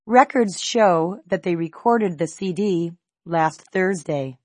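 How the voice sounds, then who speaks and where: A woman slowly reading a scripted pronunciation lesson, enunciating each word with deliberate care. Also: fairly low pitch, a little mellow, no echo. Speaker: pronunciation teacher. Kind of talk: slow scripted pronunciation drill.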